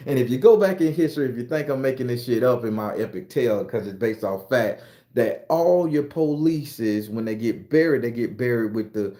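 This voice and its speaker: A man's voice: medium pitch, normal speed, roomy sound. A man telling a profane, emphatic story in a casual monologue, lecturing his viewers as an online storyteller. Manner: animated, emphatic, swearing freely. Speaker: online storyteller and tarot reader.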